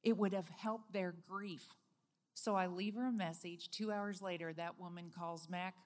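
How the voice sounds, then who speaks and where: A woman being interviewed, telling a personal faith story in a lively, earnest way. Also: on the low side, normal speed. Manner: lively storyteller, acts out quoted speech; earnest, heartfelt. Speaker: guest.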